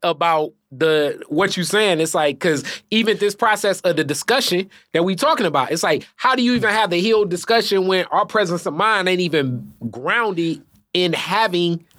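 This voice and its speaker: A young man talks in a reflective, halting way, often stopping to restart his sentences. His voice sits slightly high for a man, in a casual chat. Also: animated, a bit bright.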